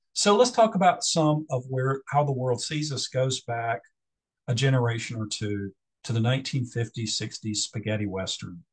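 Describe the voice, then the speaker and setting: A man's voice: mid-range voice, rough recording. A middle-aged man presenting a business etiquette workshop in a casual, conversational lecture style with frequent ums.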